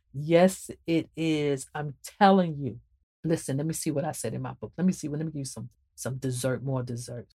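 A woman hosts a spiritual talk in a sermon-like manner and speaks straight to her listeners. Her voice sits low and sounds warm and mellow. She keeps swinging her pitch for emphasis and repeats her phrases. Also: moderate pace, slightly rough. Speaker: podcast host and author.

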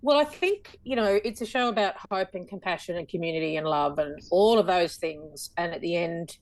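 A woman's voice: on the low side, brisk. An Australian woman in her fifties, a stage performer chatting animatedly as a podcast guest. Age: 50s. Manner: animated, chatty with frequent laughter. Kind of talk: casual podcast conversation.

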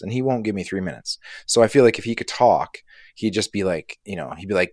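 A man's voice: on the low side, animated, quick pace, darkish tone, dry recording, clean studio sound. A young man with a Canadian accent, casually chatting as a podcast co-host, laid-back and profane. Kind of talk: casual chat.

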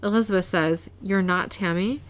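A woman co-hosting a podcast talks at normal speed in a medium-pitched voice while recapping a TV episode. She keeps it casual, reading scenes aloud, repeating characters' lines, and laughing often.

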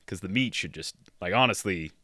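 A man's voice: deep voice, expressive, fairly quick, bright, forceful tone, dry recording, studio quality. A man co-hosting a podcast, rambling in laid-back, casual chat. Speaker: podcast co-host.

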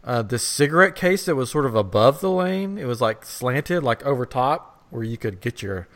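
A man's voice: medium pitch, expressive, moderate pace. A man in his thirties, a podcast co-host, telling a rambling anecdote in casual chat with frequent laughs.

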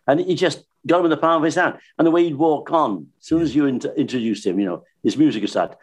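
An older man, a singer and entertainer, reminiscing in casual chat with animated, laughing anecdotes. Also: medium pitch, fast talker, hardly any pauses, husky. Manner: anecdotal, animated, laughs while telling stories.

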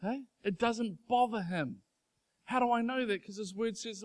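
Pastor: man, high-pitched, earnest, emphatic, slow and weighty on scripture readings, rising to fervent calls. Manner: earnest, emphatic preaching that swells into fervent declaration; reads scripture slowly and deliberately. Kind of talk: sermon.

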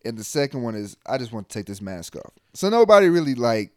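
A man's voice: medium pitch, very animated, quick pace, no room sound. Laid-back soldier man, dry sound. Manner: loose, profane, trailing off into mumbles. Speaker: army soldier. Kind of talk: casual chat.

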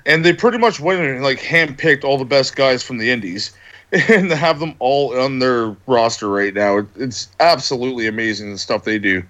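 A man's voice: mid-range voice, normal speed, fairly bright tone. A man in a casual podcast chat, playful and theatrical as he tells stories.

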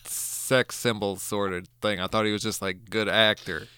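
Man, podcast co-host, bright tense voice, shy and halting, dry sound. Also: on the low side, little pitch movement, clean tone, no echo. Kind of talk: casual chat.

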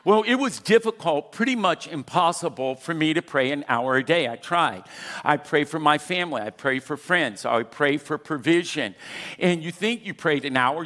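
A man in his sixties preaches with a somewhat high voice, pressing his congregation to join in. His words ring out with a long reverb from a large church sanctuary. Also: pushed and bright. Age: 60s. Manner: emphatic, urging the congregation to respond. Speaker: pastor. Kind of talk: sermon.

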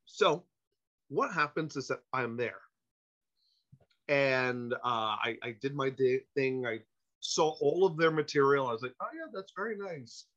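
A man, a podcast guest, telling a casual anecdote in an animated, self-interrupting way, on a dull lo-fi recording. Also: medium pitch, a little slow, long pauses.

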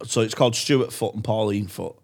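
A man's voice: lowish voice, a little fast, creaky. A man co-hosting a comedy podcast, rambling and playful in casual chat. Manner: rambling, playful, acts out quoted voices. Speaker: podcast co-host.

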